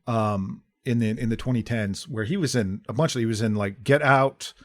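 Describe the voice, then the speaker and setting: A man co-hosting a podcast, discussing a film in a measured, wry way with frequent fillers. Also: medium pitch. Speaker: podcast co-host. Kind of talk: casual film review chat.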